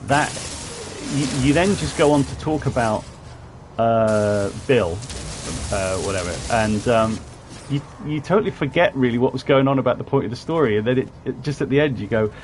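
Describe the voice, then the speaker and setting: A man from southwest England talks through a game on a live stream with a middle-pitched voice. He rambles, corrects himself and stops to greet viewers in chat. A faint hiss sits behind him. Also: animated, moderate pace, a little mellow. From Plymouth, southwest England. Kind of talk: casual live-stream gameplay commentary.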